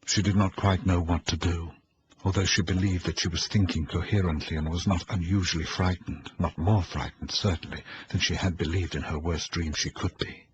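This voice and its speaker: A man with a low voice narrates a ghost story at a measured, suspenseful pace. The audiobook recording is dull and lo-fi. A faint hiss sits underneath. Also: fairly even intonation. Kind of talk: audiobook reading.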